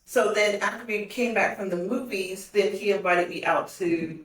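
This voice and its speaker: Podcast guest, woman, animated storyteller, roomy distant sound. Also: mid-range voice, moderate pace. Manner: animated, laughs often while telling stories. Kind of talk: casual storytelling.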